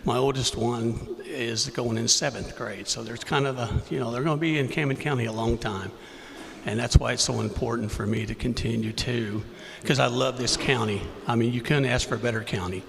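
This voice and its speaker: A man's voice: mid-range voice, fairly even intonation, fairly quick, creaky, fairly bright tone. A man in his sixties, a candidate at a live debate, speaking off the cuff in a folksy way, repeating words and chuckling between phrases. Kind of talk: unscripted debate speech. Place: winery event space with audience. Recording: long hall reverb on a live event mic.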